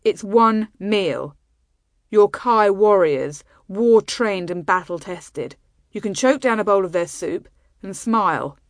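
A woman's voice: mid-range voice, lively intonation, takes it slowly, no room sound, clean studio sound. A woman voicing a stern young male warrior prince who speaks firmly and commandingly to his men. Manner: firm, commanding.

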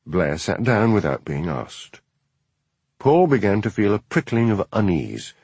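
A man reading a novel aloud as narrator, in measured storytelling. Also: fairly low pitch, sing-song, darkish tone, husky, no echo. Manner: measured storytelling, voices each character. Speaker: audiobook narrator. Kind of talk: scripted narration.

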